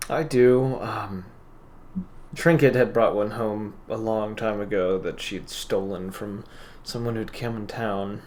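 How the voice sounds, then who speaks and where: A man narrating as game master of a tabletop role-playing game, halting and full of fillers. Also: on the low side, steady tone, darkish tone, a little hiss or hum.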